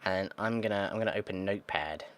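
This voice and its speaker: In a low, fast voice, a man hosting a gaming video narrates a text game. He reads its descriptions aloud and reacts, thinking aloud while muttering frustrated, sweary remarks.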